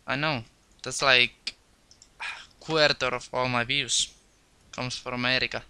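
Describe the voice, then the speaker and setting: A young man giving excitable, crude commentary over his gameplay. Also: medium pitch, unhurried, a little hiss or hum. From Finland. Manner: excitable, crude trash talk. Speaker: gaming video host.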